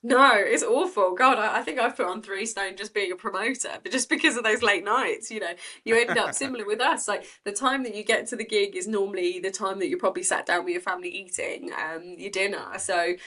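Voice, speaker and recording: A woman's voice: mid-range voice, a little fast, few pauses, pushed and bright. A woman, a comedy promoter, chatting casually in an interview with frequent laughs and ums. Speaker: comedy club co-founder and promoter.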